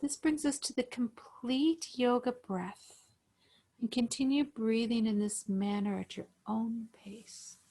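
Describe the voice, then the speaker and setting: A woman yoga instructor gently guiding breathing exercises over a video call. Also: on the high side, fairly even intonation. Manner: slow, gentle, soothing guidance.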